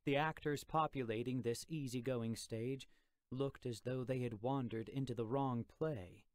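In a mid-range voice, a male narrator reads a first-person audiobook, expressive yet measured in his storytelling. There's no echo on the recording.

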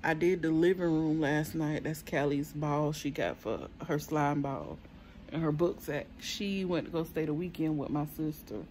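A woman's voice: low-pitched, mellow, a little hiss or hum. A woman, chatting casually to her viewers in a family vlog, using slang. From South Carolina. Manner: chatty, talks straight to viewers with Southern slang. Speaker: family vlogger. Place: at home, then a restaurant.

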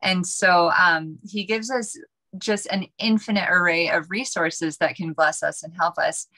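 A woman healer speaking earnestly and haltingly as a guest on a video call. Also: on the low side, fairly even intonation, pushed and bright. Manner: earnest, halting, many ums. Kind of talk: casual group chat.

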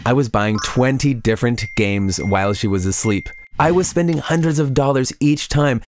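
Male narrator for an animated story, mid-range voice, steady scripted read, slight hiss. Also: medium pitch.

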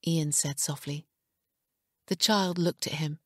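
A woman narrating an audiobook in a hushed, measured way, recorded in a studio booth. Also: low-pitched, fairly even intonation, breathy edge, dry recording. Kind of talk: scripted narration.

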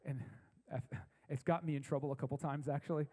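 A pastor delivers a sermon to a live congregation in a church, his voice a touch higher than most men's and mellow in tone. He talks in a relaxed, conversational way and slows down to repeat key phrases for emphasis. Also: breathy edge, long reverb tail, rough recording. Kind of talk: sermon to a young adult congregation. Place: church service with a live audience.

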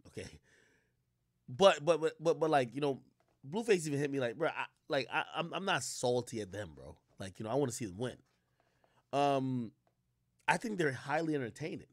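A man ranting casually to his stream audience, swearing a lot and jumping his voice up high for emphasis. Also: big pitch swings, normal speed, no echo, clean studio sound. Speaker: streamer and rap commentator.

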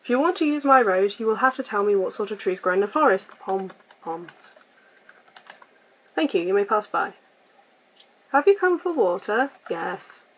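A woman hosting a casual let's-play, quietly reading game text aloud and muttering her choices. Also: mid-range voice, animated, moderate pace, long pauses, husky, low-quality recording. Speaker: gaming channel host.

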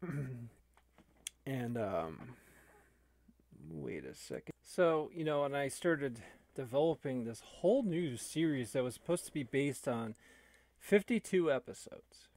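A man's voice: medium pitch, very animated, slow, darkish tone, no room sound. A man, an online video creator, talking casually and rambling with many restarts.

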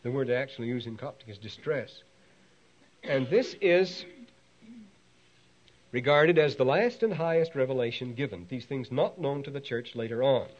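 A man's voice: mid-range voice, normal speed, long pauses. Man lecturing on a dull old tape. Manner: digressive, thinking aloud with fillers and restarts; lifts his voice to read quotations aloud. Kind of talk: university lecture on ancient texts. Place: lecture hall.

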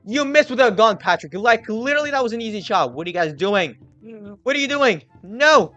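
A man hosting a gaming channel, giving excited gameplay commentary while taunting the other players and often yelling. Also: high-pitched, brisk, lo-fi sound, faint music behind.

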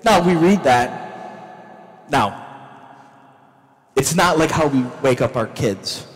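A male pastor preaching a sermon in a church, with animated storytelling that acts out scenes. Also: mid-range voice, slow pace, big-room sound, low-quality recording.

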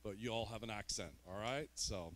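In a church sanctuary, a guest preacher from Northern Ireland opens his sermon with jokes and self-deprecating asides in his Northern Irish accent. His voice is fairly low and moves at normal speed against a noisy background.

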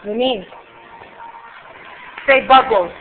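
A woman's voice: on the high side, slow, soft background music. A woman talking to a small child in coaxing, sing-song baby talk, filmed as a home video. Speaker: parent filming a toddler. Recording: tinny lo-fi home video with noise.

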